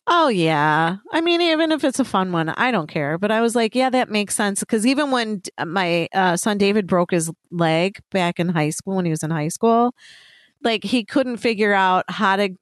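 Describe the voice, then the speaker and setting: A woman's voice: medium pitch, animated, normal speed, no room sound, clean studio sound. A middle-aged woman co-hosting a podcast, telling stories in a chatty way and laughing often. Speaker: podcast co-host. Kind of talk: casual chat.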